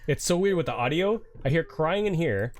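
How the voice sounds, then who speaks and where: A man's voice: on the high side, expressive, brisk. A man streaming a horror game with casual commentary, joking and swearing, with jumpy reactions to scares.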